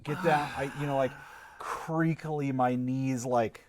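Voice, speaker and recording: A man playing a tabletop game, speaking in a halting, deadpan way and dropping small words. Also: medium pitch, background noise. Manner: halting, deadpan, drops articles. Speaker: player. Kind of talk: in-character tabletop role-play.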